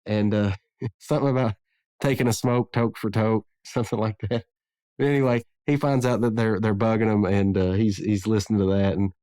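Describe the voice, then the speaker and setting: Male podcast host, casual and rambling, lowish voice, dry close mic. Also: darkish tone, no echo. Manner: rambling, many restarts and fillers. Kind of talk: casual chat.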